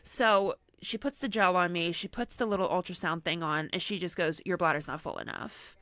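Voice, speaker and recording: A woman's voice: on the low side, moderate pace, no room sound. A young woman co-hosting a podcast, telling a personal story in casual chat and acting out what people said, with lots of "like". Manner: animated storyteller acting out quotes, frequent "like". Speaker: podcast co-host.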